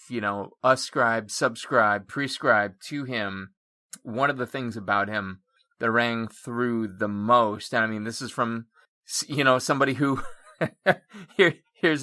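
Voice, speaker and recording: A man's voice: mid-range voice, unhurried, bright, forceful tone, no echo, studio quality. A man hosting a podcast, chatting casually with a guest and drifting into rambling stories. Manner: rambling, self-correcting storyteller. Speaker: podcast host. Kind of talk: casual interview chat.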